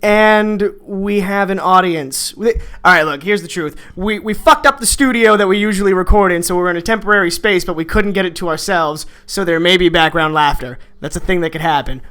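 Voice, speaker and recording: A man hosting a podcast in casual, jokey chat, sarcastic and quick to swear. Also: sits high, sharp tone, clear, resonant tone. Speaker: podcast host.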